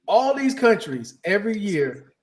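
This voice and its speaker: A man's voice: high voice, very animated. A man hosting a casual podcast, talking bluntly and saltily. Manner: blunt, salty, fast-talking. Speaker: podcast host.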